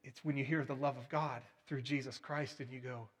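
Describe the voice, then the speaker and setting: A man preaching a sermon in an earnest, emphatic way, swinging between loud stresses and hushed, quiet appeals. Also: medium pitch, fairly even intonation, a little fast, slightly rough.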